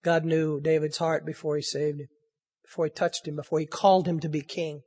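A man's voice: a little high, flat delivery, fairly quick, darkish tone, big-room sound. A man preaching a sermon, pressing the room with impassioned rhetorical questions.

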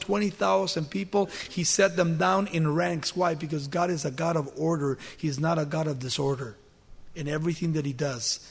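A man's voice: fairly high pitch, vocal fry, slightly rough, long reverb tail. A male preacher telling a Bible story in a sermon, asking the congregation rhetorical questions as he goes.

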